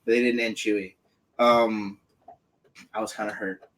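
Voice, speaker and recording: A man's voice: on the low side, normal speed. A man hosting a podcast, chatting casually about a movie, swearing a lot and acting out lines in silly voices. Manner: profane, animated, acts out quotes in silly voices. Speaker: podcast host.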